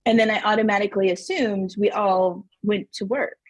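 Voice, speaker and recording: A middle-aged woman from Southern New Mexico with a slightly husky voice, recorded dry and close. She tells family stories as a podcast guest, animated and quick to laugh, with plenty of "like" fillers. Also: medium pitch, no echo. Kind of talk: casual storytelling interview.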